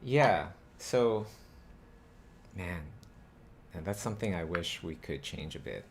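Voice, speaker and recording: Male host, lower voice, loose rambling delivery in a casual group talk. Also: animated, slow pace, noisy background. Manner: rambling, thinks aloud with many fillers.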